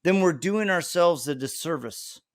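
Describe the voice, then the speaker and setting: A man's voice: fairly high pitch, animated, normal speed, no room sound. Earnest man with a dry close sound. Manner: earnest, emphatic, repeats key points. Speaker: podcast host. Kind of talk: conversational interview.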